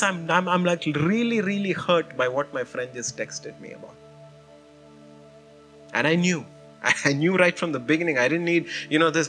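Male pastor, animated sermon storyteller, bright tone over soft music. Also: a little high. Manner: animated storytelling, frequent "you know" and "man".

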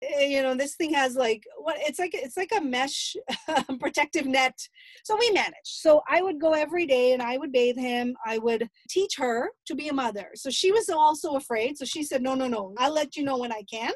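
High-pitched woman, grandmother, emotional storyteller, very dry sound. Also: normal speed, no room sound, rough recording. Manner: emotional, animated retelling with acted-out quotes. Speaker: grandmother telling a family story. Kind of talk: personal storytelling.

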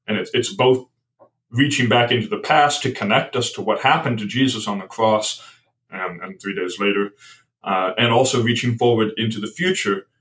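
A man's voice: fairly low pitch, a bit bright, recorded from a distance, low-quality recording. Hesitant, thoughtful man, off-mic. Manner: thoughtful, hesitant, many restarts. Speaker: guest author. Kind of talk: podcast conversation.

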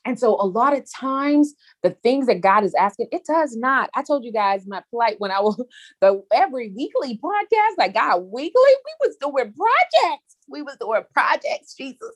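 Female podcast host, slightly husky, conversational scripture teaching. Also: high-pitched, moderate pace. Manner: animated, conversational, acts out quoted exchanges. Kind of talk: informal bible teaching.

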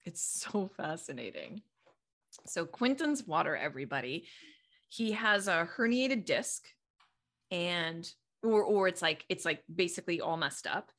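A woman's voice: lowish voice, lively intonation, unhurried, fairly bright tone. A middle-aged woman hosting a podcast in casual chat, rambling along in a stream of thought and laughing often. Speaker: podcast host.

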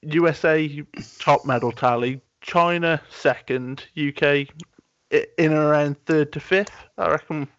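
A man's voice: a little high, a little slow, a bit bright, dry recording, muffled recording. A man co-hosting a podcast, teasing the others in wry casual banter. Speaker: podcast co-host.

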